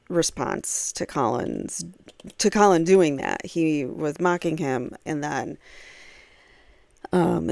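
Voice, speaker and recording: A woman's voice: low-pitched, vocal fry, a little mellow, dry recording, clean studio sound. A woman commenting on a true crime case, reading aloud from a blog with frequent fillers and casual asides.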